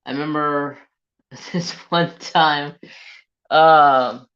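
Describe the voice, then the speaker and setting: Slow, halting man with a dull recording. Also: fairly high pitch, steady tone, a bit bright. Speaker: crafting vlogger. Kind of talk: casual storytelling while crafting.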